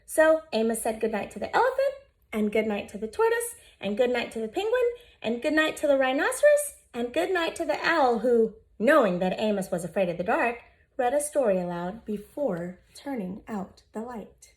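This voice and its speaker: A woman in her thirties, a teacher, reading a children's picture book aloud in an expressive, gentle voice and talking directly to her young listeners. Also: on the high side, moderate pace. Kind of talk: storybook read-aloud for children.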